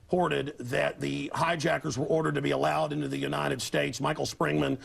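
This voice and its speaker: A man, arguing fast and forcefully in a broadcast TV debate. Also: on the high side, flat delivery, vocal fry, slightly rough. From Texas. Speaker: radio host in a TV debate. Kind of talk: heated TV debate. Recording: broadcast TV clip.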